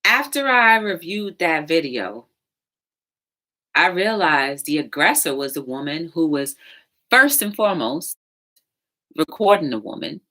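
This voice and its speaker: A woman's voice: sits low, sing-song, unhurried, pauses often, pushed and bright. A woman hosting a solo talk show, telling a story conversationally with fillers and acted-out quotes.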